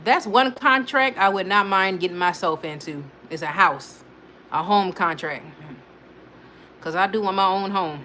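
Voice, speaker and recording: Woman hosting a livestream, bright crisp voice, laughs a lot, answers the chat, faint background noise. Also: medium pitch, moderate pace. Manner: chatty, laughs often, talks back to chat. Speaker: livestream host. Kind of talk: casual livestream chat reading comments.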